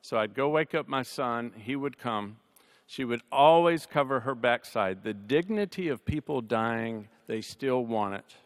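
A man speaking on a panel, telling a personal family story in a conversational way, with dry humor, his voice softening at the sad moments. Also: medium pitch, expressive, a little slow. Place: large chapel. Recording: long reverb of a large hall.

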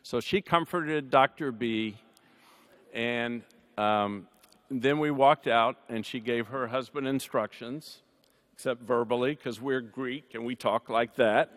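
A man speaking on a panel, telling a personal family story in a conversational way, with dry humor, his voice softening at the sad moments. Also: medium pitch, takes it slowly. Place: large chapel. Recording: long reverb of a large hall.

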